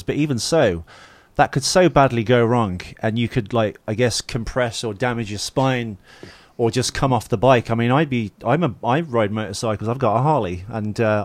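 A man's voice: medium pitch, no room sound. A man hosting an interview, asking long, rambling, chatty questions. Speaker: interviewer, podcast host. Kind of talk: casual interview.

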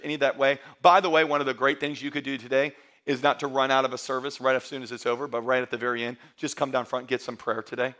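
A man in his thirties preaching a sermon as pastor, emphatic and building to loud peaks, mixing in humorous stories. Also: mid-range voice. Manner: emphatic, rising to near-shouting peaks; storytelling with humor and quoted voices.

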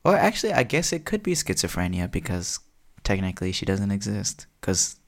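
Gravelly, lively young man telling stories. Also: fairly low pitch, brisk. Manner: animated, jokey storytelling. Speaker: podcast co-host. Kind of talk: casual chat.

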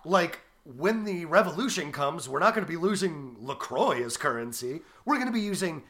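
A man's voice: on the high side, moderate pace. A man co-hosting a casual comedy chat, riffing playfully with frequent restarts. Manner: riffing, animated, stumbling restarts. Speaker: podcast co-host.

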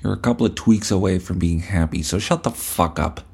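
Husky, low-voiced man ranting bluntly. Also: fairly quick, darkish tone. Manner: blunt, scolding, heavy swearing. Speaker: podcast host. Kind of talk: profane motivational rant.

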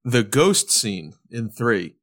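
A man's voice: medium pitch, big pitch swings, slow pace, fairly bright tone. A man co-hosting a podcast, going through his points about a horror film scene he loves. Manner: counts off his points, enthusiastic. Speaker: podcast co-host. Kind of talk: casual film review chat.

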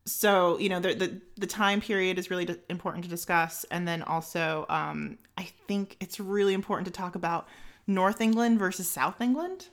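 A young woman co-hosting a casual podcast, her voice a little low and gravelly with vocal fry. She rambles along with lots of fillers and restarts. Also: normal speed. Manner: chatty, filler-heavy, frequent restarts. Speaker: podcast co-host. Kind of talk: casual chat.

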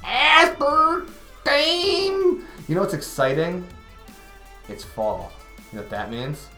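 A man from Connecticut co-hosting a podcast in casual comedic chat, animated and playful, with bursts of loud exclamation. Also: mid-range voice, moderate pace, roomy sound, soft background music. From Connecticut, USA. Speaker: podcast co-host.

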